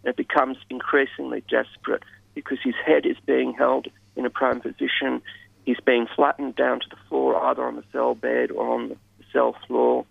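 A man speaking as a radio guest in a measured, hesitant way with many fillers. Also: medium pitch, flat delivery, creaky, husky, no echo. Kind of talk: radio interview. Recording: dull lo-fi radio sound, dry.

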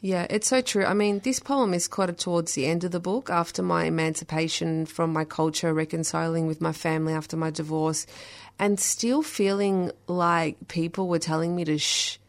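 A woman speaks in a slightly low voice as a guest on a radio interview. She sounds reflective and talks in loose, filler-laden sentences. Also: steady tone, moderate pace. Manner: reflective, many fillers like "you know". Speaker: poet and author guest.

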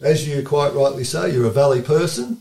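A man's voice: medium pitch, a little fast, creaky, dark tone. Male interviewer in a roomy space. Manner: prompting, explains context for listeners. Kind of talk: interview questions. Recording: roomy echo.

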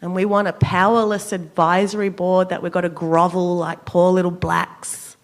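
An Australian woman, a senator, giving an impassioned political speech at a forum, measured and emphatic with a cutting, sarcastic edge. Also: on the low side, flat delivery. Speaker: senator speaking at a public forum.

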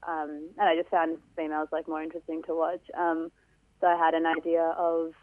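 A woman's voice: sits low, monotone, brisk, no room sound. Hesitant young woman on a phone line. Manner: rambling, hesitant, many fillers. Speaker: interview guest, comedian. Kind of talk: casual interview answer.

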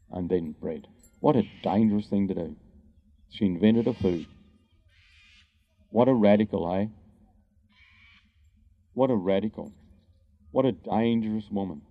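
A man with an Australian accent giving an impassioned public talk, indignant and full of rhetorical questions, with slow emphatic stresses. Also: lowish voice, vocal fry, muffled recording.

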